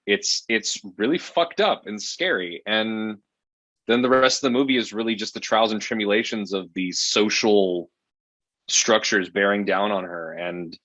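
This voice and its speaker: A man's voice: lowish voice, a bit bright, no echo, highs cut off. A man reviewing a film in casual chat, rambling and profane, often exasperated.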